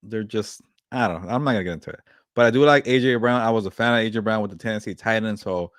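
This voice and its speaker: A man's voice: lowish voice, quick pace, no echo, studio quality. A man co-hosting a casual sports podcast, laid-back and hesitant, often trailing into "you know.". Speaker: podcast co-host.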